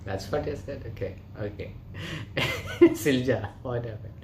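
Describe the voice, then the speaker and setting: A man's voice: mid-range voice, measured pace, background noise. A yoga teacher, a man, telling a story to his class in a chatty way, often checking in with them. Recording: roomy echo.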